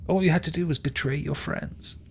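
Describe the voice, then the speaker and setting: A man's voice: on the high side, fairly quick, gravelly, slight background noise, pitched above the performer's own voice. A British man voicing a smug, sneering male villain who schemes and gloats. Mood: mocking.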